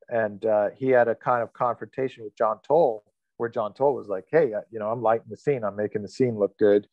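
A man in his thirties with a fairly low voice tells a candid story about his acting work, swearing freely and chuckling along the way. He is heard over a video call. The sound is dry and a little muffled and lo-fi. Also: fairly even intonation, a little fast, dry recording. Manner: candid, swears freely, laughs while telling stories. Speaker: actor interviewee. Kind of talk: casual anecdote telling. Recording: dry, slightly muffled lo-fi recording.

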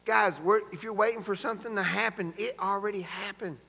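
A man's voice: high voice, fairly even intonation, a little fast, creaky, sharp tone, husky. A man preaching a fervent sermon, calling out to the congregation for amens in a church sanctuary. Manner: fervent preaching with call-and-response. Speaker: pastor. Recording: long church hall reverb.

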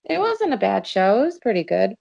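A woman's voice: mid-range voice, sing-song, a little fast, gravelly, a little mellow. A woman guest on a podcast, trading blunt, dry comebacks in casual chat. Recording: dull lo-fi sound.

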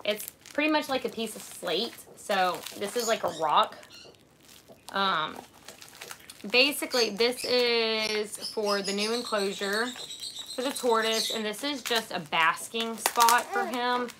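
A woman's voice: a little high, slow. Chatty woman with filler-heavy rambling. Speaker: channel host showing purchases. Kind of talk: casual live haul chat. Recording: clear background noise.

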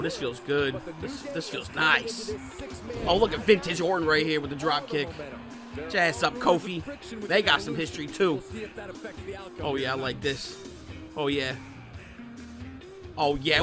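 A man giving excitable, profane gameplay commentary, trash-talking and bursting into shouts while he plays. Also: on the high side. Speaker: gaming YouTuber.

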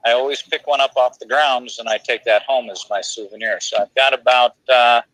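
A man chats as a guest on a podcast, telling anecdotes with plenty of "uh" and "I mean" along the way. His voice is bright and forward, recorded dry and close. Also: mid-range voice, steady tone, fairly quick, no echo, rough recording. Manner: rambling anecdotes with many fillers. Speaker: guest bassist. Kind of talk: casual storytelling chat.

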